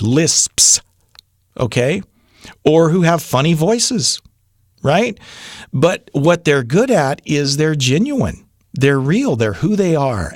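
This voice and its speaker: A middle-aged man with a mid-range voice coaches voiceover beginners in a casual, genuine tutorial, talking to camera. His clean studio sound has no echo, and he speaks conversationally with fillers and restarts.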